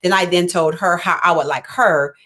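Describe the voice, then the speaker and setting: A middle-aged woman coach speaks in a lowish, somewhat husky voice. She rambles casually through her points with fillers and restarts, and she acts out each side of the talks she recalls. She sounds unwell and keeps clearing her throat. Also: normal speed, pushed and bright. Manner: acts out both sides of quoted conversations. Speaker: life coach hosting a live talk. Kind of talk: casual live-stream chat.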